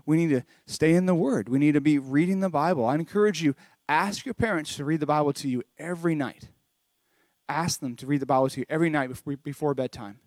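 A man's voice: on the high side, fast, a little mellow, dry recording. A man leading a children's church lesson from home, retelling a Bible story in an earnest, conversational way with frequent restarts. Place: home recording during lockdown.

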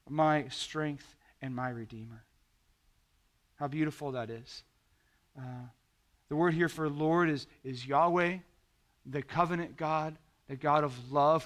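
A man preaching an earnest, gentle devotional sermon to listeners at home, with frequent fillers and restarts. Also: on the high side. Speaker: pastor.

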